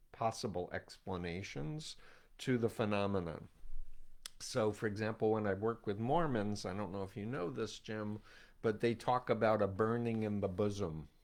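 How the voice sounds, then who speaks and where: Older male host, low-pitched, lively storyteller in casual interview talk. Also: moderate pace. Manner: animated storytelling, acts out quoted voices. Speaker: host, cult expert. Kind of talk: conversational interview.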